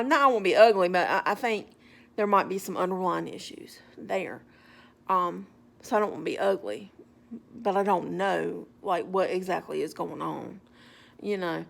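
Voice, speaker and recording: A woman telling a story in a casual, animated way with wry humor. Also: fairly low pitch, gravelly.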